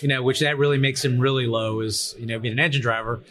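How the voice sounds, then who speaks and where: A man's voice: medium pitch, steady tone, fast, a crowd in the background. A man hosting a casual livestream panel of fire instructors at a conference, joking and rambling with lots of fillers and restarts. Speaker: host, fire service instructor. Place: trade conference venue.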